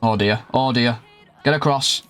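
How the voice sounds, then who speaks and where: A young man giving lively play-by-play of a football game and calling out to his viewers as lads and boys. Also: medium pitch, measured pace, soft background music. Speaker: gaming YouTuber. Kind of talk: excitable football game commentary.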